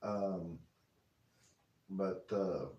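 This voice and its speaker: A man's voice: low voice, very slow, mellow, dull audio. Man, folksy live-stream chat, roomy kitchen, set back from the phone mic. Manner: folksy, reads viewer comments aloud, talks to his dog. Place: home kitchen. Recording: roomy, from a distance.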